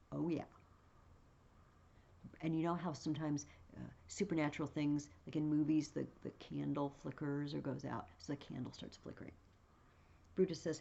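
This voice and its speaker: A woman's voice: deep voice, steady tone, moderate pace, gravelly, pauses often, mellow, slightly rough, lo-fi sound. A woman teaching a play, reading passages aloud with feeling and then explaining them in a casual way.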